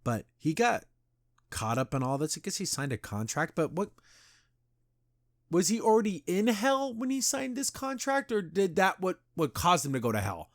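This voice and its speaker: A man's voice: sits high, sing-song, normal speed, no echo, studio quality. A man hosting a podcast, chatting casually and animatedly as he reviews an episode and retells its scenes. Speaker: podcast host.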